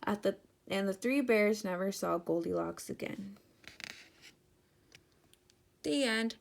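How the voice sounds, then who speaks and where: A woman teacher giving an interactive children's read-aloud, speaking directly and warmly to the kids. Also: medium pitch, slow, creaky, slight background noise.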